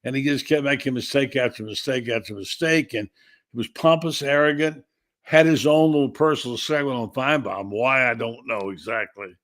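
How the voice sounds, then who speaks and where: A male host leading a casual sports talk discussion, speaking in a blunt, opinionated, conversational way. His voice sits at an ordinary middle pitch. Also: moderate pace, a bit bright.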